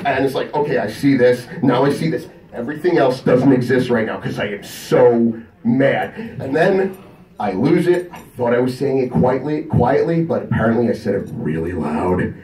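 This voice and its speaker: A man's voice: medium pitch, normal speed. A man telling crude stories on a convention stage, acting out the people in them. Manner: animated, crude, acts out the people in his stories. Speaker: comedian telling a story on stage. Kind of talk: stand-up storytelling. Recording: echoey room, mic from a distance.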